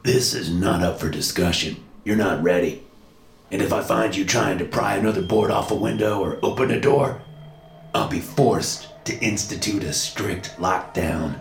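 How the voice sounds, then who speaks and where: A man's voice: low-pitched, normal speed, vocal fry, echoey room, slight background noise. A man voicing a tearful, overprotective father with a raw, stern manner in a horror story reading. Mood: emotional.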